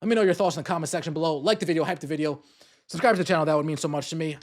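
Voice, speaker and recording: A man's voice: on the high side, rapid-fire. A man hosting a podcast, delivering an angry sports rant, swearing and repeating himself. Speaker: podcast host.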